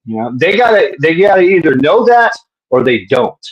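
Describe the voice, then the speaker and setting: A man in casual conversation, talking in an animated way and acting out imagined voices. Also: a little high, normal speed, muffled recording. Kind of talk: casual podcast chat.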